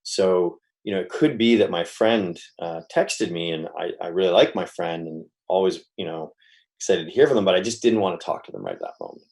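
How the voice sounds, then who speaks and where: A man's voice: low voice, very animated, brisk, gravelly, darkish tone. A middle-aged man giving an academic talk in a conversational way, with frequent fillers and restarts. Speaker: lecturer.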